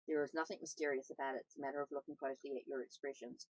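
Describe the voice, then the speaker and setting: A woman reading the lines of a perceptive, calm spiritual guide in a storybook, in a plain read-aloud voice with small slips. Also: rumbling low, rapid-fire, no echo, poor audio.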